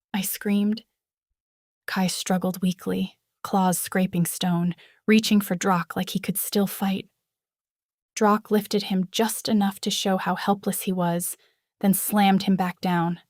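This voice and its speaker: A woman reading a first-person fantasy novel aloud in a dramatic, expressive way. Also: mid-range voice, no room sound, studio quality. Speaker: audiobook narrator.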